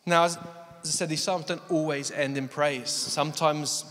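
A male preacher giving a sermon, telling a story with many fillers and slowing down to stress his key points. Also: a little high, steady tone, fairly bright tone, long reverb tail. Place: church hall.

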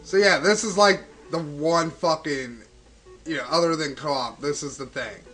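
A man's voice: fairly high pitch, unhurried, bright, forceful tone, soft background music, low-quality recording. A young man giving rambling, profane commentary while playing an old video game, ranting and stoned. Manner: swears constantly, rambling and ranting. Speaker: gaming video host. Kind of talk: profane let's-play commentary.

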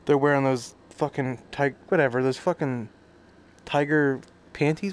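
A man's voice: medium pitch, moderate pace. A man streaming a game, reading its subtitles aloud and adding crude, joking commentary full of swearing. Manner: crude, joking, swears often, reacts loudly.

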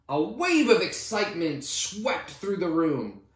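A man reading a children's picture book aloud in an animated storytelling manner. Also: sits high, slow. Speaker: storybook reader. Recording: roomy echo.

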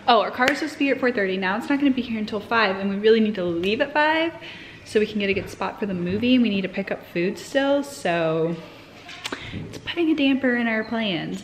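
A woman's voice: medium pitch, expressive, a little fast, slight background noise. A young woman vlogging to camera from her home in a candid, chatty way. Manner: candid and chatty, talking straight to viewers. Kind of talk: casual vlog chat to camera.

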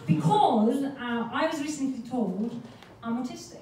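A woman's voice: high voice, lively intonation, measured pace, mellow, slight background noise. A woman, doing a brash, profane, self-mocking stand-up comedy set on a club stage. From Poland. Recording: echoey club room, far from mic, audience laughter.

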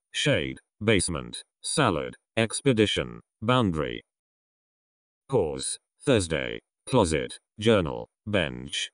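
Deep-voiced man slowly reading words. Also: dry recording, clean studio sound. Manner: slow, measured reading of single words with pauses. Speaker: vocabulary list reader. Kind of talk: reading a word list aloud.

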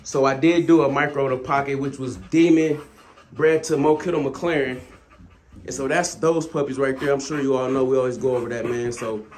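A man with a mid-range, slightly mellow voice speaks at normal speed and with fairly even intonation in a casual vlog about breeding dogs. He calls his viewers y'all and breaks off mid-sentence now and then to scold his dogs, all in a laid-back manner.

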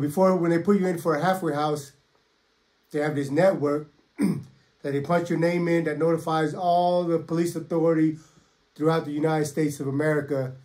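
A man's voice: fairly high pitch, darkish tone. Blunt streetwise man telling his story. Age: middle-aged. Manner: blunt, streetwise, quotes others in dialogue, clears throat often. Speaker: storyteller recounting prison life. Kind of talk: casual first-person storytelling.

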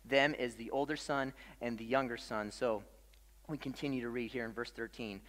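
A pastor preaching a sermon in a loose, conversational way, with casual fillers and dramatic pauses. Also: male voice, mid-range voice, steady tone, fairly bright tone, long reverb tail.

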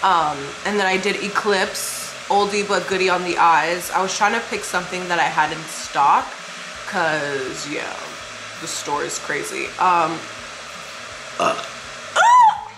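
A woman's voice: fairly low pitch, fairly even intonation, unhurried, noisy background. A woman around thirty chatting casually on her vlog, loose and rambling, swearing offhandedly and drifting into side comments. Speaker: beauty vlogger and makeup brand owner. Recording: echoey room with music playing.

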